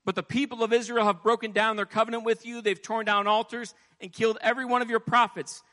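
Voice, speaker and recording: Guy preaching in a church, high bright voice, gets passionate, big reverb. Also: flat delivery, fast. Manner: impassioned, rising to pleading when voicing scripture. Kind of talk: sermon. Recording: long hall reverb.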